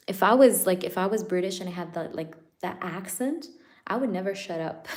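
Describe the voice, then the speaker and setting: A woman's voice: mid-range voice, moderate pace, a little mellow. A woman hosting a live tarot stream, chatting casually with viewers. She is playful, laughs often and fills her talk with "like" and "you know".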